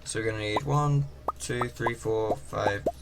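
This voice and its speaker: A man's voice: on the low side, a little slow, gravelly. A man giving casual, rambling commentary on a farming game, full of fillers. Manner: chatty, rambling, with many fillers. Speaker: gaming channel host. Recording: game ocean noise behind.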